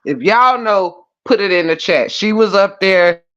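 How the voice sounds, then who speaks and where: A livestream host casually retelling a story to the chat, animated and profane, with emphatic, drawn-out phrases. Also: medium pitch, highs cut off. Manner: animated and profane, with frequent laughing fits.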